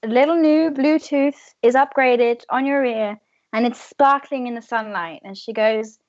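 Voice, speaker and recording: A woman running a tabletop game as game master, telling the story in a lively, casual way. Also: a little high, measured pace, highs cut off.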